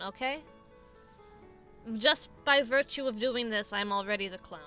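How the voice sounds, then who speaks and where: A young woman streamer with a bright, slightly high voice. She chats casually, tripping over her own restarts and dropping swears, and laughs often. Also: measured pace, pauses often, faint music behind. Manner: rambling, self-interrupting, swears and laughs a lot. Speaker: streamer host. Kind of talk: casual chat.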